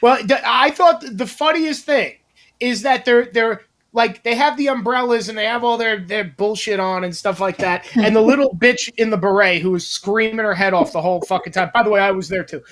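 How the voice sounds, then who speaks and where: A man's voice: high voice, brisk, fairly bright tone. A man from New Jersey, co-hosting a casual podcast, telling stories with lots of profanity and rambling asides.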